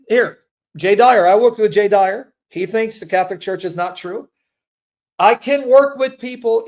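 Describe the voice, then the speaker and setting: A man speaking earnestly and emotionally to his viewers, a Christian apologist who repeats himself and calls them brethren. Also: high-pitched. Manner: earnest, repetitive, addresses listeners as brethren.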